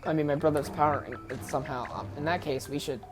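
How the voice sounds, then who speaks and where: A woman's voice: low voice, steady tone, fast, music in the background. A woman giving casual, rambling let's play commentary, frank and often correcting herself.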